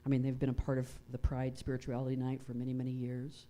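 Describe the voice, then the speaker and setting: A woman pastor giving a conversational sermon, reading prayers slowly and reflectively. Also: rumbling low, completely flat delivery, warm tone. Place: church sanctuary.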